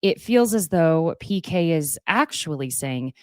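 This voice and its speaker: A woman's voice: low-pitched, lively intonation, a little slow, smooth, no echo, studio quality. A woman hosting a casual recap, chatty and opinionated, with asides and mock voices. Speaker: recap host.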